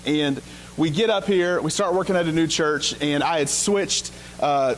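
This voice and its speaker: A man's voice: fairly high pitch, moderate pace, a little hiss or hum. Casual, wry preacher man. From Ohio. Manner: casual, self-deprecating, sarcastic asides. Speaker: pastor. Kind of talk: conversational sermon with storytelling. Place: church sanctuary.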